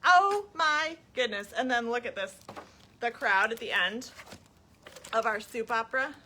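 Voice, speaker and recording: A woman's voice: fairly high pitch, steady tone, moderate pace, pushed and bright, slight background noise. A woman reading a children's story at a library storytime, inviting kids to sing along. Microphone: webcam on a live stream.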